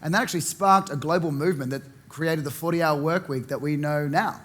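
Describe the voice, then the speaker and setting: Stand-up: young Australian man, sardonic and sweary, high, bright voice. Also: brisk. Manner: sardonic, swears freely, mocks with put-on voices. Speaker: stand-up comedian. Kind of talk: stand-up comedy set.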